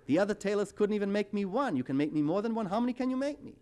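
A man's voice: sits high, lively intonation, racing, mellow, voice pushed up. A man lecturing, voicing a frustrated middle-aged statesman in a joke with an incredulous, insistent manner.

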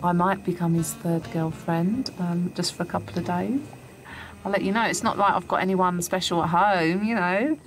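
A woman's voice: on the low side, fairly even intonation, normal speed, slight background noise, rough recording. A woman chatting in a playful, hesitant way to the camera. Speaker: expedition participant. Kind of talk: casual confessional.

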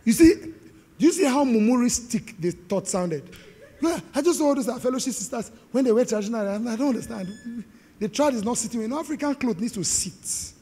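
Man, Nigerian accent, pastor, very high voice, lively preaching, reverberant hall. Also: a little fast, breathy edge. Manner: animated, joking, call-and-response with the congregation. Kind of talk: sermon. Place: large hall with live congregation.

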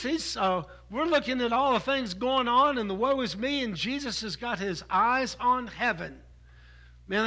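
Man, pastor, sermon, high voice, earnest, loud then hushed. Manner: earnest preaching, rising in volume then dropping to soft, intimate appeals.

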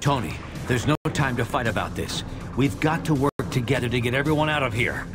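An actor voicing a steady male superhero in a video game, giving practical orders in a commanding way. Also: mid-range voice, fairly quick, natural voice. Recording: game audio with music.

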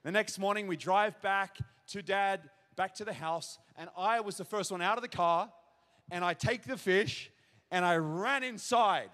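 Man, pastor, testimony sermon, high-pitched voice, long echoing hall reverb. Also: a little slow. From Australia. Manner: storytelling, acts out shouted child's cries. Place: large church auditorium.

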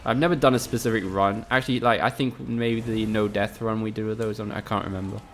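A man's voice: fairly low pitch, fairly even intonation, brisk, slight background noise. A man casually commentating a live game stream, chatting with viewers, swearing often and joking sarcastically. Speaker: gaming streamer.

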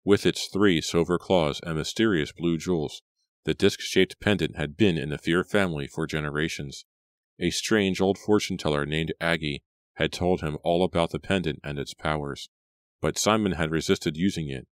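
A man reading a horror audiobook in a measured, steady narration. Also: very deep voice, no room sound, studio quality. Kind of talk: scripted narration.

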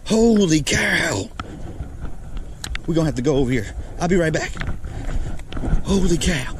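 Brief: man fishing vlogger, slightly high voice, unhurried, repeats exclamations, loud outdoor noise. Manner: breathless, keeps exclaiming and repeating himself. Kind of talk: excited outdoor fishing narration. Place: riverbank outdoors.

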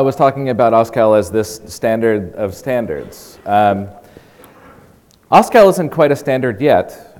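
A man giving a technical conference presentation in a measured way with frequent fillers. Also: lowish voice, a little mellow, clean tone. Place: large conference hall. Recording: reverberant conference hall.

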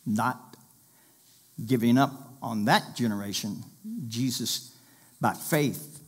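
A man's voice: mid-range voice, takes it slowly, slightly rough. A male pastor preaching a sermon, reading scripture aloud and urging listeners to pay attention.

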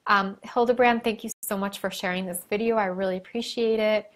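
A woman's voice: medium pitch, steady tone, fairly quick. Woman on a live stream reading out comments, gushing and encouraging, lots of ums and likes. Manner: warm, effusive and encouraging, with many fillers. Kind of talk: casual live-stream chat, reading viewer comments aloud.

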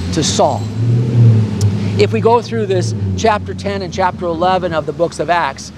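A man leads a Bible study in a friendly, earnest tone, talking plainly and slipping in an occasional "uh." His voice sits fairly high for a man, and a faint wash of traffic runs behind him. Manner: earnest, conversational teaching with fillers. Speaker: Bible teacher.

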